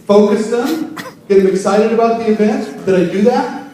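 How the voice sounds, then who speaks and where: A man's voice: high-pitched, moderate pace, mellow, a little hiss or hum. A man who works as a wedding emcee, teaching a live workshop and playfully teasing his audience. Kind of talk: live seminar talk to an audience. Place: conference room. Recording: very echoey hall, mic far off.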